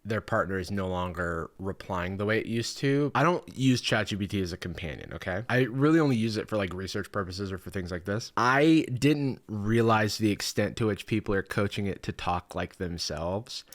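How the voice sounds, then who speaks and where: A man in his thirties hosting a commentary video, reading online posts aloud with sarcastic asides and jumping into high, mocking voices for the quotes. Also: animated, moderate pace, hardly any pauses.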